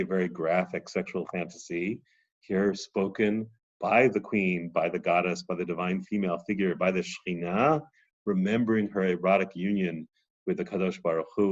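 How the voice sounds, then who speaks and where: A man's voice: deep voice, steady tone, moderate pace, highs cut off. A man lecturing on a text, reading passages aloud with rising drama and then explaining them.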